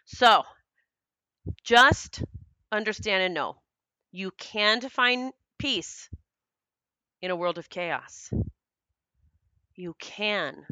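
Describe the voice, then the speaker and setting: A woman's voice: a little high, pushed and bright, clear, resonant tone, no room sound. A woman hosting a casual spiritual monologue, earnest and rambling, laughing often and swearing casually. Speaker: spiritual podcast host.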